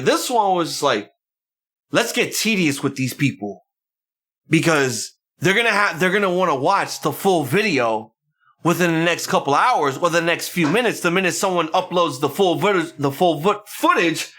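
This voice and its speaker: A man co-hosting a casual banter podcast with a bright, forceful tone. His pitch swings widely as he rants and slips into mock voices for quotes. He swears often and keeps things loose. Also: normal speed. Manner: animated, profane, acts out quotes in exaggerated voices. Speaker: podcast co-host.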